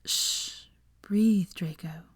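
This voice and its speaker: A woman voicing a gentle young woman in a fan fiction reading, speaking softly and soothingly in near-whispers. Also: medium pitch, expressive, unhurried, slightly rough, dry recording, studio quality, voice pushed up. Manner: soft, hushed, soothing.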